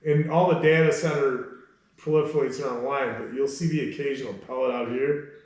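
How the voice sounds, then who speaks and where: A man speaking in a casual interview, blunt and fond of telling stories with a joke at the end. His voice sits at an ordinary pitch. The room rings with heavy echo. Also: fairly even intonation. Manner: blunt, storytelling, quick to joke. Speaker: personal trainer. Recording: very echoey room.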